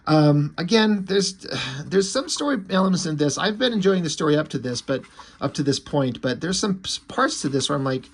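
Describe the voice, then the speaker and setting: A man's voice: a little high, animated, moderate pace, breathy edge. A man casually recapping a comic book issue, rambling with fillers and swearing freely. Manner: rambling and profane, lots of fillers.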